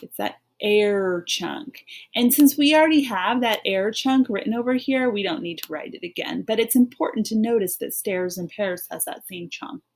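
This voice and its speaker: A woman's voice: mid-range voice, animated, normal speed. A woman teaching an online phonics lesson, reading a poem aloud and guiding children through it in a patient, encouraging way.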